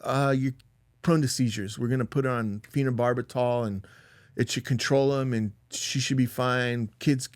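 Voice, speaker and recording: Medium pitch, fairly even intonation, normal speed, and a dry recording characterize this man. He's a podcast guest telling a personal story in a loose, rambling way, peppered with "like" and "dude," acting out quoted lines in a raised voice.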